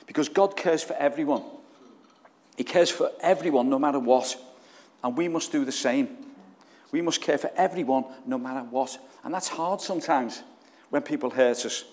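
A man's voice: medium pitch, normal speed, a little mellow. A man preaching a sermon, earnest and emotional, putting questions to the congregation. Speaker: pastor. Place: church. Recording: long reverb of a church hall.

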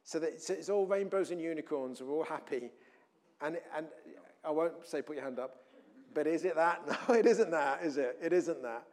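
A man with a fairly high voice delivers a sermon conversationally at a moderate pace. He restarts often and swings from loud emphasis to quiet asides.

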